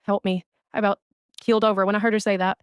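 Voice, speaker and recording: A woman's voice: mid-range voice, flat delivery, quick pace, smooth, no echo. A woman delivering a blunt, scornful commentary rant, speaking close to the mic. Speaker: commentary creator. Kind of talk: ranting commentary on another streamer.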